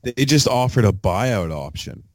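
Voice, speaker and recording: A male podcast co-host with a very deep voice talks in a laid-back, profane way. The sound is dry and close to the mic, with no room behind him. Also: lively intonation, unhurried, dry recording. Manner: profane, laid-back banter with sports betting picks. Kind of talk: casual chat.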